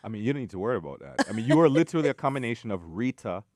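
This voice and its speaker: A man's voice: medium pitch, expressive, racing, a little mellow, no room sound, clean studio sound. A man hosting a radio interview, eager and admiring, with easy laughter in his questions. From Jamaica. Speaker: radio host. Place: radio studio.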